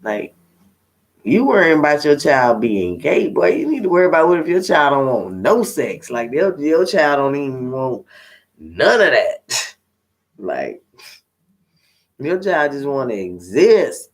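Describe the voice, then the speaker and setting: A man's voice: mid-range voice, sing-song, moderate pace. A tired man, a tarot reader, chatting to viewers in a candid, rambling way with plenty of swearing. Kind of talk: casual unscripted chat to viewers.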